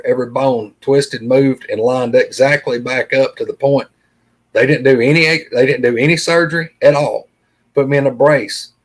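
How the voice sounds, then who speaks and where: A middle-aged man with a drawl tells a personal story as a podcast guest. His voice sits in an ordinary middle pitch, and he speaks earnestly and plainly, walking through each conversation beat by beat. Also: low-quality recording. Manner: earnest, plain-spoken, retells dialogue with "I said".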